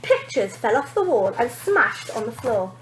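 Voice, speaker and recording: A woman teacher reading a children's storybook aloud, lively and expressive, pointing out the pictures. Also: a little high, a little slow, reverberant, a little hiss or hum, poor audio.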